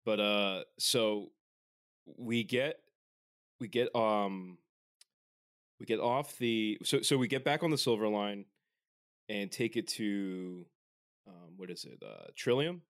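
A man's voice: lowish voice, animated, takes it slowly, pauses often. Swearing man, rambling stories. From Philadelphia. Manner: rambling storytelling, heavy swearing. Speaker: podcast co-host. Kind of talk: casual chat.

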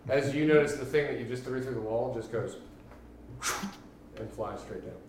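A man acting as game master, narrating a tabletop game in a measured, descriptive way. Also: medium pitch, far from the mic. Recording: echoey room with background noise.

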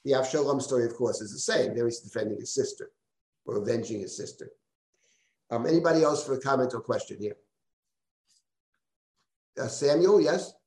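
Leading the live Bible class as a rabbi, he reasons out loud, frequently asking "right?" and starting sentences over, and the room echoes around him. His mid-range voice is a little mellow and slightly fast, broken by long pauses.

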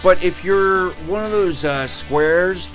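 A man hosting a podcast in casual, joking chat, animated and quick to ham up lines. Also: high voice, soft background music. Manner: animated, joking, reads quotes in mock-dramatic tones. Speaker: podcast host.

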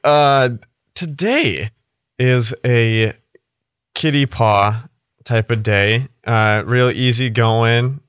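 A man in casual podcast chat, deadpan and easygoing. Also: medium pitch, very slow, smooth, no room sound, studio quality. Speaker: podcast player.

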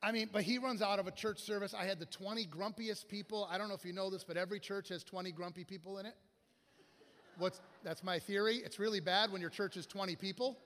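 A man with a notably high speaking voice delivers a sermon, bringing his anecdotes to life by playing out the people in them. His voice echoes through a large church sanctuary with a long, lingering reverb. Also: fairly even intonation, quick pace, a bit bright. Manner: storytelling with acted-out quotes and asides. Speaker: guest pastor.

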